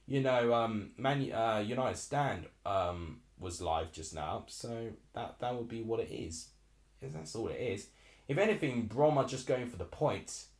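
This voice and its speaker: A young man in his twenties from Essex hosts a live football watchalong. He rambles in a chatty way and reacts aloud to the match, with a lively, swooping pitch. His voice sits in a roomy space with a noticeable echo. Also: a little slow. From Essex, England. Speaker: live stream host.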